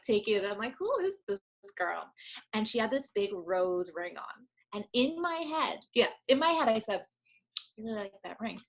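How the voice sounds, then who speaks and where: A woman in her forties from Long Island, a podcast guest chatting casually and telling lively stories. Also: medium pitch. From Long Island, New York. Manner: lively storyteller, laughing often. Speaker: guest, salon owner. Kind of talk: casual interview chat.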